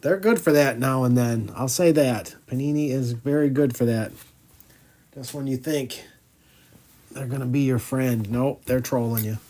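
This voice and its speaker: A man's voice: mid-range voice, normal speed, dark tone. A man hosting a live card break, chatting as he calls out each card and groaning when a pack comes up empty.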